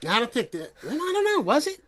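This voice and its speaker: A middle-aged man from the Bay Area hosting a podcast, telling animated stories in casual chat and laughing freely. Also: very high-pitched, fairly quick, a loud crowd. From US, San Francisco Bay Area. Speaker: podcast host.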